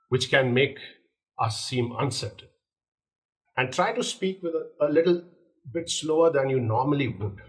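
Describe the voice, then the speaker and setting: A man, a leadership coach, giving a measured, emphatic instructional talk with deliberate pauses. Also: mid-range voice, poor audio. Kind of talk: scripted instructional monologue.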